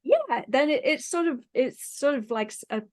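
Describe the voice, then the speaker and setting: A woman with a British accent, a podcast guest, talking in a relaxed, conversational way that often trails off. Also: high voice, normal speed. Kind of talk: casual interview chat.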